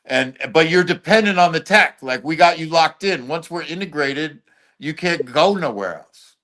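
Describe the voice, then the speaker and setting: A man's voice: on the high side, expressive, normal speed, a bit bright. A man being interviewed as a guest, talking in blunt, loose street slang full of swearing. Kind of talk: casual chat.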